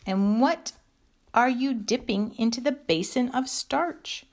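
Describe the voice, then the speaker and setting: A woman's voice: a little high, slow pace, a little mellow, voice pushed up. A woman voicing a curious, polite little girl in a storybook reading, eagerly asking questions.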